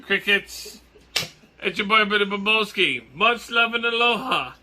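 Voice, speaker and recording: A man from Hawaii with a Hawaiian accent, vlogging casually in a jokey, excitable way, swearing and laughing as he talks. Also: sits high, unhurried, slight background noise. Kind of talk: casual vlog.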